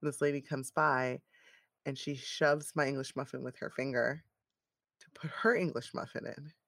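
Woman, 30s, mom co-host. Gravelly, dry-miked, animated storyteller who laughs often. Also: very deep voice, normal speed, no room sound. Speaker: podcast co-host. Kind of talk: casual chat.

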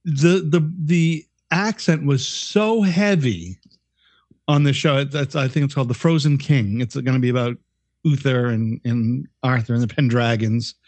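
A man's voice: mid-range voice, measured pace, a little mellow, no room sound. A man co-hosting a casual podcast, profane, stammering through restarts. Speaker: co-host.

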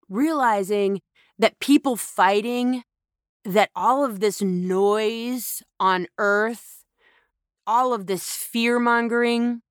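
A woman's voice: a little high, no room sound, clean studio sound. A woman hosting a podcast, talking through a reflective spiritual monologue with emphatic repetition. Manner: slow, emphatic, repeats phrases for effect. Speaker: podcast host.

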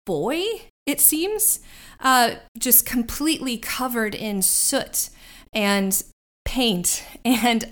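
A woman's voice: medium pitch, smooth. A woman narrating a tabletop game as game master, descriptive and rambling with restarts.

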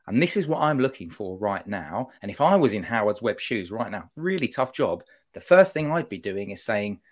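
A man giving an animated, opinionated monologue on a football podcast, often breaking off to mock-quote officials. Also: lowish voice, moderate pace, hardly any pauses. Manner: animated, self-interrupting, mock-quoting officials.

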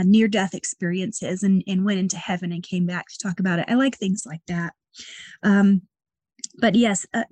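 A woman working as a psychic medium, talking casually and gently about her spiritual practices and reading cards, often pausing to search for words. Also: medium pitch, dry recording. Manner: gentle, rambling, with frequent fillers.

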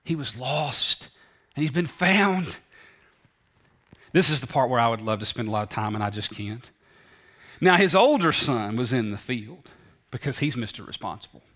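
A man preaching a sermon in a folksy way, acting out the story's voices and dropping from loud to near whispers. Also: mid-range voice. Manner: folksy, acts out the parable's voices, swings from loud to hushed. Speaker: pastor.

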